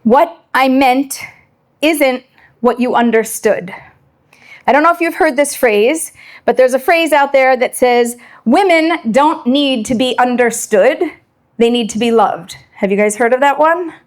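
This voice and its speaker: A middle-aged woman who moved to Israel, giving a lively personal Torah talk to an audience and acting out the voices she quotes. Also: high voice, a little slow. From immigrant to Israel. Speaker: Torah lecturer.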